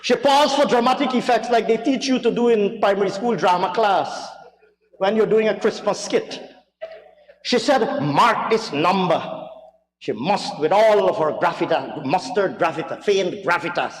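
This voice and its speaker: Speaking in a big parliamentary chamber during a budget debate, an MP mocks his opponents theatrically and hammers home his points by repeating phrases. His voice is high and moderately paced. The sound carries long reverb from the chamber, with slight background noise.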